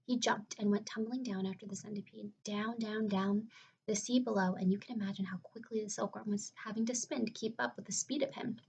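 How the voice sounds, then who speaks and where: A woman reading a children's book aloud in an expressive storytelling way, sometimes dropping to a hush. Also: mid-range voice, brisk, breathy edge, lo-fi sound. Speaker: reader.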